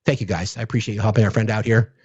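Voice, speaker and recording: A man's voice: fairly low pitch, fairly even intonation, racing, a little mellow, breathy edge, lo-fi sound. A man hosting a political livestream, ranting angrily and profanely, often repeating himself as he thanks viewers. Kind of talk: angry political rant on a livestream.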